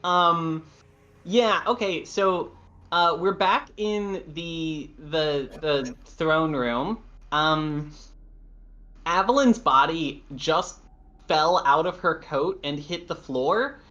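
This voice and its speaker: A man's voice: fairly high pitch, slow pace, sharp tone. A man narrating a tabletop role-playing game as game master, rambling with fillers and laughing at himself. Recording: dull lo-fi audio.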